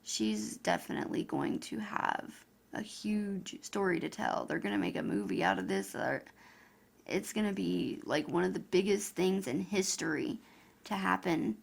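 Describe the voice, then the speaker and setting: A woman's voice: medium pitch, animated, measured pace, gravelly, husky. A woman vlogger talking emotionally and chattily to her viewers. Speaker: YouTuber. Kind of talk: casual vlog commentary.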